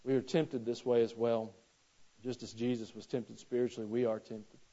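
A man's voice: medium pitch, little pitch movement, moderate pace, mellow, muffled recording. A man preaching a sermon in a folksy, storytelling way, asking his listeners rhetorical questions.

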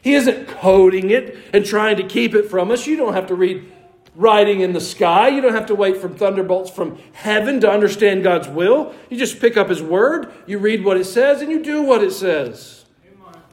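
The man's voice sits high and is expressive, moving at a moderate pace, and the recording is low in quality. As pastor in a church sanctuary, he preaches in a conversational style, putting questions to his listeners and using mock voices alongside wry asides.

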